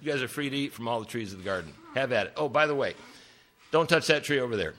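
Chill offhand god voice, rattles it off fast, preacher doing it. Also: male voice, mid-range voice, expressive, a bit bright, a little hiss or hum, natural voice. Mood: breezy. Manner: offhand, rapid. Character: breezy casual God giving garden rules.

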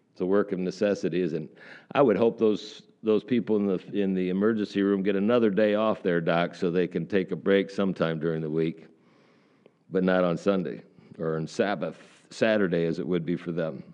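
A man's voice: deep voice, darkish tone. A middle-aged male pastor giving a conversational sermon, folksy and full of questions to the congregation.

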